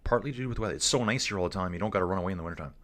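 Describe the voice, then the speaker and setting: A man hosting a live cycling stream, talking in a loose, rambling way as he reads out the chat. He keeps calling his viewers dude and guys, and his voice sits a little on the low side. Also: racing, fairly bright tone. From Canada. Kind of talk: casual live stream commentary reading chat.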